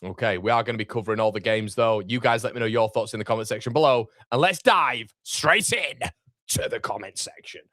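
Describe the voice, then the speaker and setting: A man's voice: on the low side, brisk, a bit bright, no room sound, studio quality. A man hosting a live football watchalong, chatting casually and reading viewer comments aloud.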